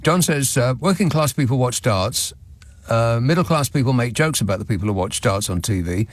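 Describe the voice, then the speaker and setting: A man's voice: medium pitch, expressive, moderate pace, dry recording. A man hosting a radio show, reading out listener messages with dry, sardonic asides from a studio microphone. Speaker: radio talk show host.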